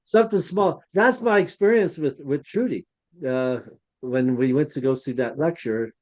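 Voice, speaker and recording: A man's voice: fairly high pitch, normal speed, a little mellow. A man co-hosting a podcast, telling a chatty, rambling story and acting out the dialogue. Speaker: podcast co-host, museum curator. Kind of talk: anecdotal storytelling.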